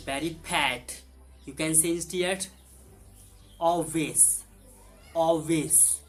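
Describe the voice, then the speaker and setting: A man's voice: on the high side, fairly bright tone. A man teaching English vocabulary, saying each word twice in simple, broken English. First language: Hindi. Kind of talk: vocabulary lesson with repeated words.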